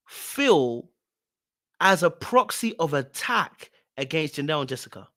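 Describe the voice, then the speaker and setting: A man's voice: on the high side, big pitch swings, unhurried, a bit bright, no echo, studio quality. A man giving casual reaction commentary, emphatic and blunt, repeating himself with plenty of slang.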